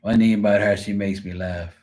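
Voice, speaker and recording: A man's voice: fairly low pitch, fairly even intonation, a little fast, darkish tone. A man who reads tarot, chatting on a livestream in a casual, profane way and laughing often. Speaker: tarot reader.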